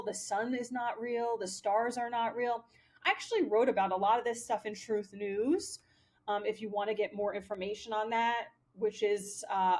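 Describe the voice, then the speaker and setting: A woman's voice: fairly high pitch, darkish tone. A woman talking casually in a rambling monologue, swearing often and leaning on fillers like "like" and "um". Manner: rambling, profane, many fillers. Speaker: spiritual vlogger. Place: Pennsylvania.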